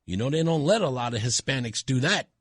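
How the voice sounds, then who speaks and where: A man's voice: mid-range voice, expressive, fast, breathy edge, no echo, studio quality. A man voicing a condescending male school superintendent who speaks with a Spanish accent. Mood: patronizing. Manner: patronizing.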